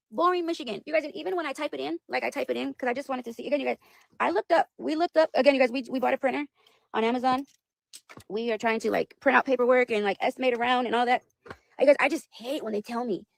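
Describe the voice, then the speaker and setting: Fast-talking woman with a gravelly voice. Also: high-pitched, no room sound. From United States. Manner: rambling, repeats "you guys", exasperated. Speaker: livestream host. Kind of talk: casual chat to viewers.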